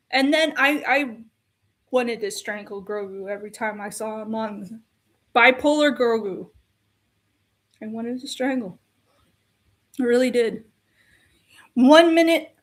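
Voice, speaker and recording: A woman with a high voice rants through a film review, exasperated and given to repeating herself. She takes her time, drawing out each complaint in a slow, deliberate delivery.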